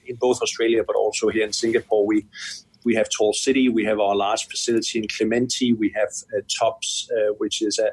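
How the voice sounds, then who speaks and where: A man's voice: medium pitch, slightly rough, low-quality recording. A man, a chief executive, answering business interview questions in a hesitant way with many fillers and restarts. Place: Singapore.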